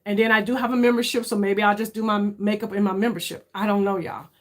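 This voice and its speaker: Here a woman in her fifties, a beauty creator, talks quickly and in a steady tone during a casual chat with viewers. She's candid and searching, addressing them as "y'all" often and raising her pitch when she wants emphasis.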